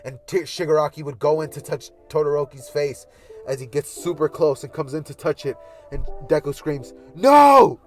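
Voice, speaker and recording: A man's voice: on the high side, level tone, moderate pace, mellow, faint music behind. A man casually narrating a hypothetical anime fight scenario, rambling with fillers. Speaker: YouTuber. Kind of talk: casual fan-fiction storytelling.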